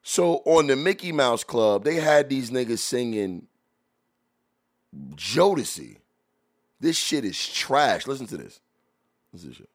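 A man hosting a podcast, reacting to old videos in blunt, profane casual chat, laughing loudly as he jokes, into a studio mic. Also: mid-range voice, sing-song, a little slow, pauses often. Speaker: podcast host.

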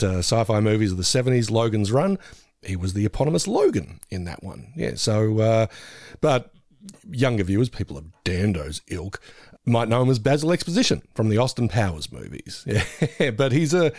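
A man's voice: lowish voice, darkish tone, no room sound, clean studio sound. A middle-aged man co-hosting a podcast, chatting casually about an episode and laughing often. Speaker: podcast co-host. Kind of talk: casual chat reviewing an episode.

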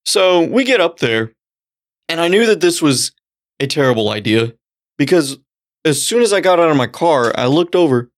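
Profane, excitable storytelling man. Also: moderate pace. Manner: profane, rambling storyteller with big excited pitch jumps. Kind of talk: casual chat.

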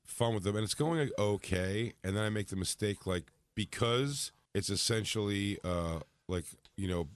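A man's voice: fairly low pitch, normal speed, few pauses, slight background noise. Man telling a comic story. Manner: animated, acts out quotes with laughter. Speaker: comedian guest. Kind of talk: casual storytelling.

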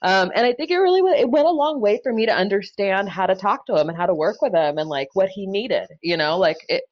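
A woman telling a story on a podcast in an animated, loud and expressive way. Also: mid-range voice, quick pace, muffled recording. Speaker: public defender, guest.

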